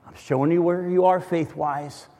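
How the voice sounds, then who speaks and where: A male preacher with a rather high voice tells a funny personal story from the pulpit. He sounds conversational and easygoing, as if chatting with the congregation. His voice carries a long reverb from a large church hall. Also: fairly even intonation, normal speed, mellow. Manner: conversational, humorous anecdotes. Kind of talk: storytelling sermon.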